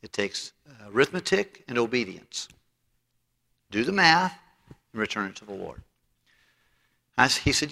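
A male pastor preaching with a gravelly, forceful voice. He is emphatic and tells stories, often restarting his phrases. His sermon rings with the long reverb of a church auditorium. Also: mid-range voice, very animated, normal speed, pauses often.

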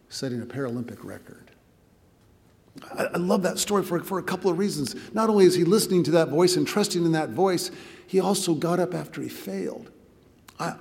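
A man's voice: medium pitch, vocal fry, darkish tone, big-room sound. A man preaching a sermon as a pastor, telling a story with swelling and dropping volume and repeated words.

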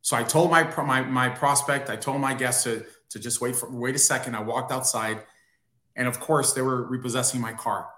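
A man's voice: medium pitch, steady tone, normal speed, sharp tone. A man, a guest on a talk show, earnestly telling a personal story. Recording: roomy echo on his voice.

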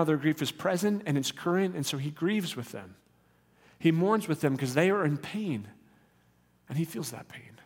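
A man's voice: a little high, in a large hall. A man preaching a sermon in an earnest, conversational teaching manner with rising emphasis. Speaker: pastor.

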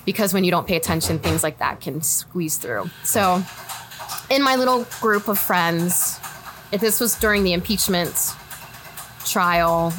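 A woman in her forties with a Midwestern American accent, a candidate telling her story in a casual interview, animated and quick to laugh. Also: lowish voice, faint music behind. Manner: animated, laughs often, acts out quoted friends. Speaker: political candidate guest.

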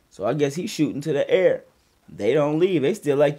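Man, podcast host, casual storytelling, profane, animated, slightly high voice. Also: brisk. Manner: profane, animated retelling with loud bursts.

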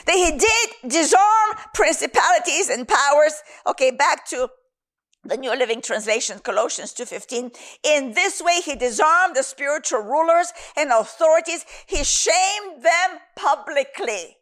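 A woman's voice: high voice, expressive, a little slow, fairly bright tone. A woman preaching a Bible teaching sermon, emphatic and repeating phrases for stress.

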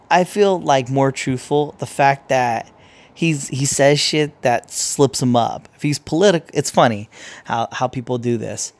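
A man giving casual commentary in a blunt, profane way, rambling and restarting his sentences as he goes. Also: mid-range voice. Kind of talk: casual opinion rant.

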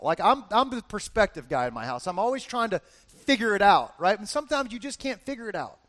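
A middle-aged man preaching a sermon, telling a story with lively quotes and asking "right?" often. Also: very high voice. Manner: animated storytelling, acting out quotes, frequent "right?". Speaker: pastor.

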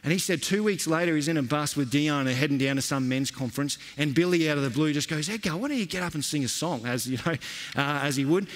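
A man preaching a sermon, telling stories in a lively, conversational way. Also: a little high, fast. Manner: storytelling, animated and conversational. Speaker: pastor. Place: church hall. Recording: long reverb of a church hall.

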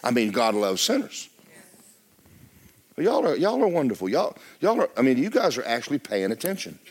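A man's voice: mid-range voice, huge pitch swings, normal speed, slightly rough. A man preaching a sermon as pastor of a church, talking straight to the congregation with joking asides.

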